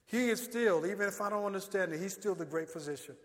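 A man's voice: high voice, fast talker, big-room sound. A male pastor preaching a sermon in call-and-response style, often telling the congregation to listen.

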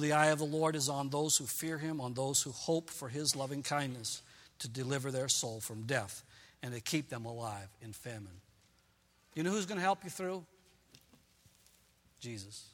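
A man's voice: on the high side, bright, forceful tone, long reverb tail. A male pastor preaching a sermon in an earnest way, repeating phrases for emphasis.

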